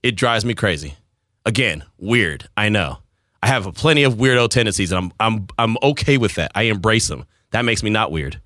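A male radio host chatting casually on air and rambling through a story. His voice is bright and forceful, with a pitch that swings widely. The sound is dry and close. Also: brisk, dry recording. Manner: animated storytelling, rambling, laughs at himself.

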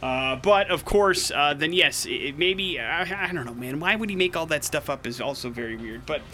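A man hosting a radio show, telling news stories as a lively storyteller with joking asides. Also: fairly high pitch, moderate pace, slight background noise. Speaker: radio host. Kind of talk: casual radio banter. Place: radio studio.

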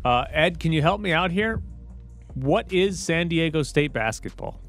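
A man's voice: fairly high pitch, soft background music. A man hosting a sports radio show, chatting casually and joking about football news. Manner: quick, joking, animated.

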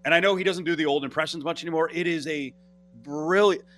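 Bright-voiced, animated sports radio host. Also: male voice, on the high side, faint music behind. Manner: animated storyteller with quick restarts. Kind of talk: casual sports talk.

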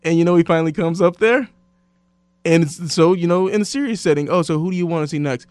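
A man hosting a casual sports podcast, telling stories and quoting others in lively voices. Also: fairly high pitch, quick pace, smooth, no echo. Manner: animated storyteller, quotes others in voices. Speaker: sports radio host.

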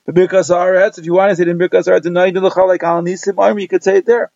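A man's voice: sits high, flat delivery, very fast, gravelly, darkish tone, dry recording. A man teaching a Talmud class, reading each phrase of the text and then translating and explaining it. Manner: reads Hebrew-Aramaic text then translates line by line. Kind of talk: daily page Talmud class. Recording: dull lo-fi dry recording.

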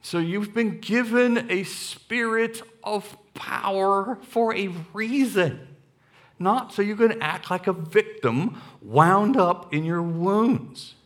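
A middle-aged man preaching a sermon as a guest speaker in a church, lively and joking, repeating lines for emphasis into a stage microphone. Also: high voice, takes it slowly. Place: church sanctuary.

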